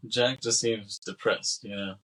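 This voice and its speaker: A man's voice: lowish voice, fairly even intonation, unhurried, a bit bright, poor audio. A man co-hosting a film podcast, chatting casually and laughing often as he retells scenes. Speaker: podcast co-host. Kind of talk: casual film-discussion chat.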